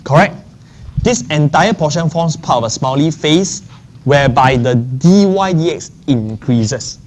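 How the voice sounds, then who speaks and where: A man's voice: fairly high pitch, expressive, slow pace, darkish tone, a little hiss or hum. A man lecturing a maths class. He often checks in with the class and repeats key phrases. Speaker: maths teacher.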